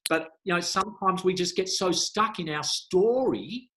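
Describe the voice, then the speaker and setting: A bright, forward-voiced middle-aged man who tells stories with relish. He slips into voices for the people in his anecdotes, jumping high in pitch, then settles back into a calm, steady guest's tone. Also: moderate pace, few pauses. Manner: animated storyteller, acts out voices with big pitch jumps. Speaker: hypnotherapist guest. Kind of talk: conversational interview.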